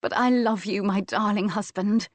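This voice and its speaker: A woman's voice: medium pitch, steady tone, normal speed, no room sound, close to an everyday voice. A woman voicing Jasmine, a spirited, imperious young noblewoman who speaks with passion. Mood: ardent. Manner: imperious and impassioned.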